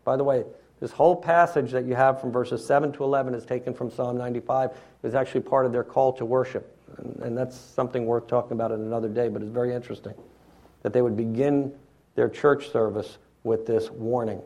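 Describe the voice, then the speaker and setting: A man's voice: medium pitch, steady tone, a little fast, darkish tone. Man preaching a teacherly sermon. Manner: teacherly, checks in with the listeners. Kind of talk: expository sermon.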